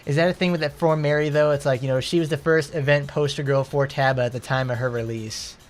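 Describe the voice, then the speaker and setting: A man's voice: mid-range voice, fast talker. Rambling Southern man over game music. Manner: rambling, excitable, lots of fillers. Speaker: gaming streamer. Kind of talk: casual game commentary.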